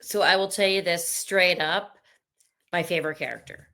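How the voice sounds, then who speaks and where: A chatty woman speaks in a lowish voice, full of restarts and playful asides as she tells stories. She is a guest in a relaxed, casual interview. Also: normal speed, a crowd in the background.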